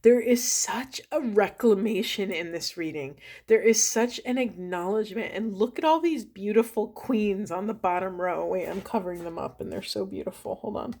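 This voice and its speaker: A woman, a spiritual coach, doing an oracle card reading to camera in a soft, earnest, heartfelt way that turns tearful. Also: mid-range voice, moderate pace, few pauses.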